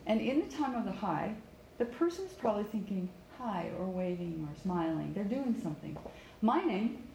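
A woman's voice: medium pitch, expressive, a little fast, gravelly, noisy background. A woman from Canada, a pronunciation coach, teaching a live lesson and stressing words and repeating phrases for students to echo back.

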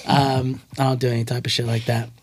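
A man's voice: medium pitch, level tone, fairly quick, husky. Young man hosting a loose, profane podcast. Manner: loose, profane, joking, lots of fillers. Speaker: podcast host. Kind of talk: casual movie-review chat.

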